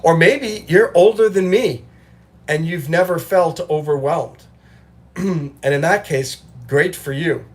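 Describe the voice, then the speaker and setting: A man in his forties hosting a motivational livestream, talking earnestly and often clearing his throat. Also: a little high, slow pace. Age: 40s. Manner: earnest, reads and answers chat. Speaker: livestream host.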